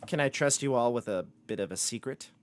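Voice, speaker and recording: A man's voice: mid-range voice, brisk, lightly acted. A man voicing a scheming old hag woman who talks in a coaxing, conspiratorial way.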